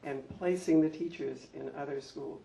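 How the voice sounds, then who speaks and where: An older man who used to be a school administrator shares heartfelt memories at a public event, growing animated when he tells anecdotes. His slightly high voice has vocal fry and moves at normal speed. The distant mic picks up faint room noise.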